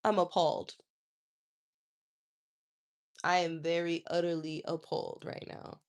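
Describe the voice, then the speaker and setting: A woman's voice: fairly low pitch, little pitch movement, unhurried. A woman hosting a livestream, ranting in a sassy, profane and indignant way. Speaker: livestream host. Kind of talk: casual livestream rant.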